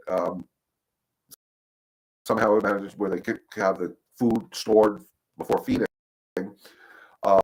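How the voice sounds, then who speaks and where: A husky, fairly low-pitched man talks through dog training problems in a loose, rambling way. He often repeats words and restarts his sentences. He is a middle-aged trainer giving advice to his viewers. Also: a little mellow, rough recording. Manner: rambling, repeats words, acts out quoted voices. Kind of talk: casual livestream advice talk.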